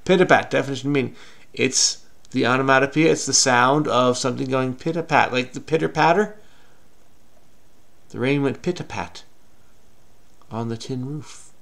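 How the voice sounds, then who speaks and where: A man's voice: medium pitch, expressive, normal speed, creaky, pauses often, a bit bright. A man hosting a crossword-solving video, talking frenetically and muttering to himself as he searches. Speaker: crossword solver. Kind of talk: casual puzzle-solving commentary.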